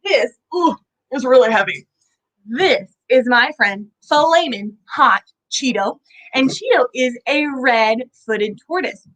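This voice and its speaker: A young woman hosts a children's lesson about animals, her voice high and swinging up and down in a lively, sing-song way. She keeps asking young viewers questions and leads them in playful sound effects. Her voice is a touch hoarse. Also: slow, rough recording. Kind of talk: live kids' lesson with animals.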